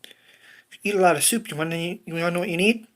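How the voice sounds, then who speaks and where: A woman's voice: fairly low pitch, quick pace. A woman chatting casually at home for a family vlog, rambling and joking as she goes. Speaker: family vlogger.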